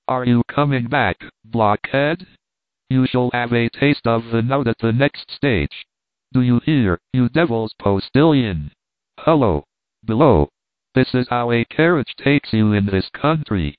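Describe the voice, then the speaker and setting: A man's voice: mid-range voice, expressive, measured pace, dry recording, close to an everyday voice. Brief: male narrator doing a stiff, angry English reporter; mid-range voice, lo-fi phone-like sound. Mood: furious. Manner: haughty, blustering. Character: gruff indignant English reporter, middle-aged man. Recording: tinny phone-like dry sound.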